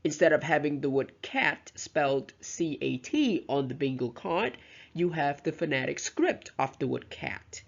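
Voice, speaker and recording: Teacher narrating a lesson, gravelly tone, dull lo-fi sound. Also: mid-range voice, sing-song, a little slow. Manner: explanatory, modelling words aloud, self-correcting. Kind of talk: recorded lecture explaining pronunciation.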